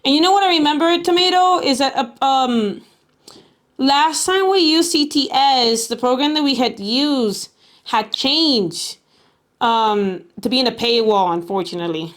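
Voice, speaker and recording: A woman's voice: high-pitched, a little slow, fairly bright tone. Chatty young woman streamer, rambling. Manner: rambling, chatty, exasperated, many fillers. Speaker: livestreamer. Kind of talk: casual live stream chat.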